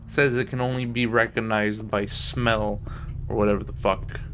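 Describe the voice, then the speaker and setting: A man's voice: on the low side, little pitch movement, normal speed, fairly bright tone, a little hiss or hum. A man streaming a game live, swearing freely as he plays and reading the game's text aloud. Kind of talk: live gameplay commentary.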